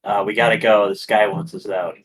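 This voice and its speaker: A man's voice: lowish voice, little pitch movement, fairly quick, a little hiss or hum, lightly acted. Man doing an urgent young adventurer. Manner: urgent, stumbling.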